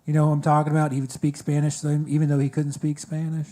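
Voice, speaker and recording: A man from Maryland doing a stand-up set at a coffee shop open mic, dry and halting with many fillers. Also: fairly high pitch, monotone, dark tone. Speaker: stand-up comedian.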